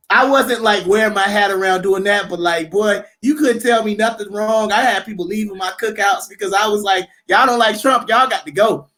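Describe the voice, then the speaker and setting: A man co-hosting a podcast, chatting casually about politics, acting out the voices of people in his story. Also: sits high. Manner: animated storyteller, acts out quoted voices. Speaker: podcast co-host.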